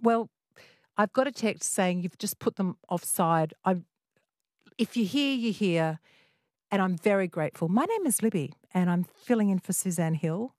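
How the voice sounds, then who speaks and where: A woman's voice: on the low side, a little mellow, no echo, clean studio sound. A woman hosting a late-night talk radio show, chatting with callers and guests in a playful, chatty way. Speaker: radio host.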